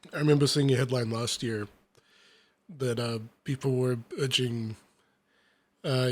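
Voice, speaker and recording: A man in his thirties reading a picture book aloud, breaking off into rambling, sweary, self-deprecating asides. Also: medium pitch. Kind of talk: casual reading aloud with commentary.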